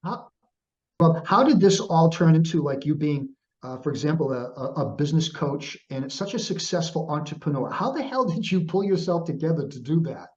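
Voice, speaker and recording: A man's voice: on the high side, expressive, normal speed, a little mellow. A man hosting an interview over a video call, asking questions hesitantly with many fillers. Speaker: host. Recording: dull lo-fi sound.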